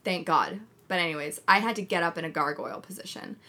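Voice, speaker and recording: A young woman chatting casually as a podcast co-host, telling a blunt, heavily sworn, animated story. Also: lowish voice, fast. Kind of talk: casual chat.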